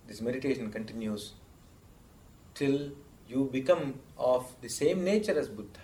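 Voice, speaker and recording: A man teaching meditation to an audience in a measured storytelling manner, checking in with listeners as he goes. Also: mid-range voice, lively intonation, mellow. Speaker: spiritual teacher. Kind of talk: meditation talk. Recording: roomy echo.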